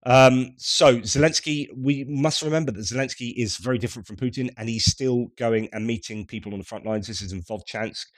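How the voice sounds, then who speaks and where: A man's voice: mid-range voice, fairly quick, few pauses, no room sound, studio quality. Chatty man giving a news rundown. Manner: conversational, wry asides. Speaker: news commentator. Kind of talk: casual news commentary.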